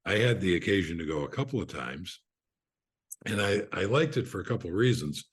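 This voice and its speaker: An older man, a podcast guest, telling relaxed anecdotes in an unhurried way, often restarting his sentences. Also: sits low, husky. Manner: unhurried storyteller with frequent restarts and fillers.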